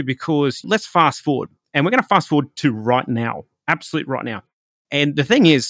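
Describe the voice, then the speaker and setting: A man's voice: mid-range voice, a bit bright, no echo, studio quality. A man, hosting a podcast and telling a personal story in a chatty, rambling way full of fillers and restarts. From Australia. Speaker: podcast host and spiritual reader.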